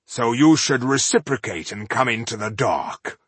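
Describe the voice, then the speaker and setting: A man voicing a calm, menacing male dwarf renegade who speaks slowly and threatens coldly. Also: mid-range voice, husky, dry recording. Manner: slow, measured, threatening.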